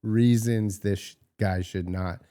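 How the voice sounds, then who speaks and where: Guy podcast co-host, warm smooth voice, cussing and ranting, laughs a lot. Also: on the low side, fairly even intonation, slow pace. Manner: profane, blunt, laughing rants. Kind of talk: casual reality-TV recap chat.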